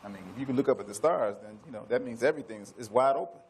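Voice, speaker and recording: A man's voice: mid-range voice, racing, a little hiss or hum, low-quality recording. A man on an arts panel, talking conversationally and filling his speech with "you know". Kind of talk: casual panel discussion.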